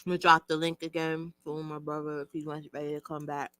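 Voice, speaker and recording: Chatty woman streamer, bright tone, laughs a lot, dry close sound. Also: low-pitched, little pitch movement, quick pace, clear, resonant tone, no echo. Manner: chatty, laughs often, talks to chat. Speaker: livestream host. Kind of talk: casual livestream chat.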